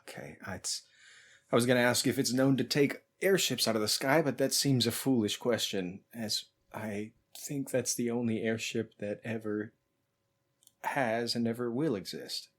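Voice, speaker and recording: A man's voice: mid-range voice, normal speed. A man playing in a tabletop game, talking in a wry, polite way with fillers. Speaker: player. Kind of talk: casual tabletop role-play.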